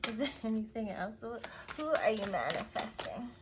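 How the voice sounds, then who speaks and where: A woman giving a spiritual tarot reading in an effusive, affirming way, often dropping into soft whispers. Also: on the high side, moderate pace. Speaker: tarot reader. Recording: steady hiss and clicks.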